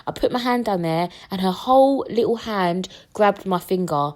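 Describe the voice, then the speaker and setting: A woman's voice: medium pitch, moderate pace. A young woman, hosting a podcast and telling stories in a casual way, acting out the voices of the people she quotes. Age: young adult. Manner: animated, acts out quoted voices. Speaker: podcast host. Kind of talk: casual storytelling.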